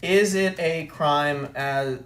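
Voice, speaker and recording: A woman's voice: deep voice, slow, fairly bright tone, roomy sound. A woman streamer telling a story in an angry, profane rant, repeating phrases for emphasis. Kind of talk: ranting live-stream story.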